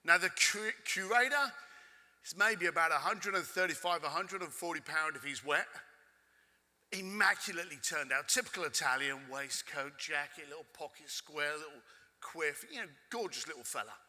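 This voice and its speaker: A man with a London accent telling a cheeky, animated story to a conference audience, swearing casually. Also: on the high side, normal speed. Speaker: keynote speaker. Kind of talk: storytelling keynote. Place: conference hall stage with audience. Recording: echoey hall with long reverb.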